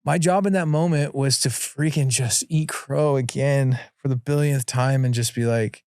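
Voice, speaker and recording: As a guest on a podcast, a dad of four shares earnest, casual advice and acts out his own quoted lines from home. His darkish, medium-pitched voice stays fairly even at a moderate pace, captured cleanly in a dry, studio-quality recording.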